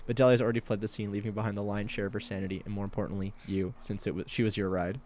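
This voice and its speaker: A man's voice: on the low side, flat delivery, very fast, few pauses, darkish tone. Laughing man playing a game. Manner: laughing often, playful. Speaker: game streamer. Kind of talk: casual let's-play commentary and reading game text aloud.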